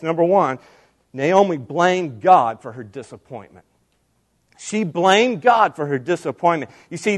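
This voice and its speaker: A man preaching a sermon, speaking straight to his congregation and building emphasis on key lines. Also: high-pitched. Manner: preaching with rising emphasis and direct appeals. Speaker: pastor.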